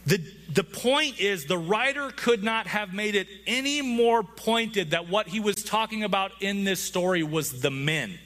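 Bright-voiced man preaching a sermon. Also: high-pitched, expressive, measured pace, few pauses. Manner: conversational preaching with asides to the congregation. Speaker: pastor.

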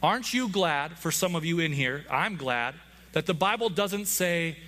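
Bright-voiced man preaching a sermon. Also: on the high side, animated, normal speed. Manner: conversational preaching with asides to the congregation. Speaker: pastor.

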